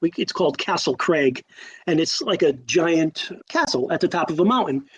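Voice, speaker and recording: A man in his sixties from Connecticut, telling stories as a podcast guest in a lively way, acting out quotes and often restarting his sentences. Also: fairly high pitch, normal speed, slight background noise, poor audio. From Connecticut, USA. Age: 60s. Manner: animated, acts out quotes, frequent restarts. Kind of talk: casual storytelling.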